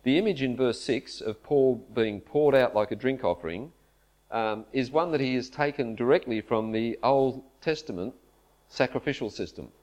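A man delivers a sermon at a church camp in a mid-range voice. He speaks earnestly and at a measured pace, and he leans into the scripture he quotes. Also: medium pitch, a little mellow. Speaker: preacher. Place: church camp meeting hall.

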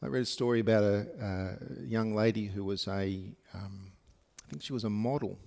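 A man's voice: lowish voice, moderate pace, gravelly, darkish tone. A man preaching a sermon to his congregation, speaking conversationally with many fillers and asides. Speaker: pastor. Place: church service.

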